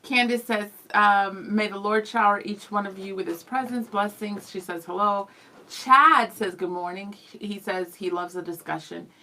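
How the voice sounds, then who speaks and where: A young woman co-hosting a radio show, chatting casually and reading viewer comments aloud in a lively way. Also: mid-range voice, normal speed, rough recording. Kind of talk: casual live-stream chat.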